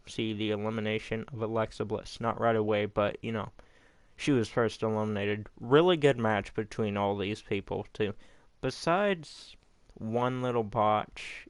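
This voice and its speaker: A man's voice: medium pitch, clean tone, no echo. A man hosting a casual wrestling recap video, rambling and opinionated with frequent swearing. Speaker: YouTube wrestling recap host.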